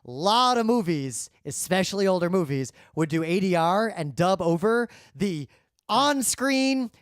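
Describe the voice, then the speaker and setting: A man co-hosting a podcast, explaining points in a measured, explanatory way into a studio microphone. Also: high-pitched, lively intonation, clean tone, no room sound. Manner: measured, explanatory, adapts his talk for the microphone. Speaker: podcast co-host. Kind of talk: casual discussion.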